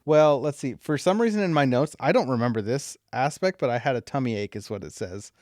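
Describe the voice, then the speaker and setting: A man's voice: mid-range voice, expressive, brisk, a little mellow, no room sound, studio quality. A man co-hosting a podcast in casual chat, a parent who laughs often and wanders into asides. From California. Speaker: podcast co-host.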